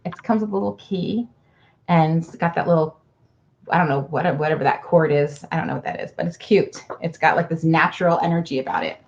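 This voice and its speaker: A woman gives casual card readings to her livestream viewers, chatting freely and calling everyone hun. Her voice sits low for a woman. The recording sounds dull and lo-fi, like a simple computer mic. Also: brisk, vocal fry. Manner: chatty, calls people hun. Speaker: card reader.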